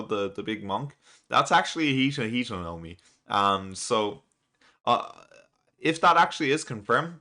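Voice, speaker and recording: With a medium-pitched, bright and pushed voice, this man casually goes over a comic chapter for his manga reaction channel. His talk wanders, full of fillers and frequent chuckles.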